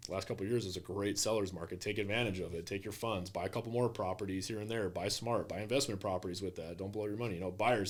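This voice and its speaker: A man who works as a real estate agent, chatting casually on a podcast and acting out quoted clients with lively energy. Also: fairly low pitch, quick pace.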